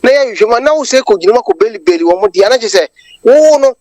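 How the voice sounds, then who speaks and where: A woman's voice: fairly high pitch, animated, rapid-fire, a little mellow, no echo, poor audio. A Ghanaian woman calling in to a radio show, delivering a long impassioned monologue that switches between English and Twi. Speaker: caller. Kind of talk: phone-in political commentary.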